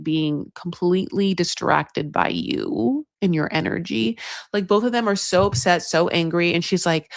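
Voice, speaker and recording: A woman hosting a casual reality-show recap, gossipy and animated, acting out what the cast says. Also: lowish voice, creaky, dry recording, studio quality. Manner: gossipy, animated, acts out the cast's lines.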